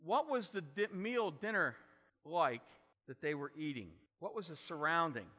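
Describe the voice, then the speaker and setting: Animated preacher in a reverberant hall. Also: male voice, a little high, normal speed. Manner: animated, dramatic storyteller. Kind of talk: expository sermon.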